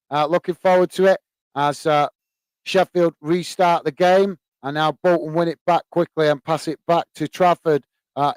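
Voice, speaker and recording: His voice sits high and sounds clear and resonant, with no echo. The English host of a live football watch-along stream chats away to viewers, calls the play loosely with plenty of fillers, and yells when a goal comes.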